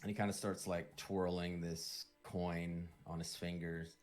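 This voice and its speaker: A man's voice: sits low, level tone, measured pace, soft background music. A man narrating a tabletop game as game master, with loose, filler-heavy description.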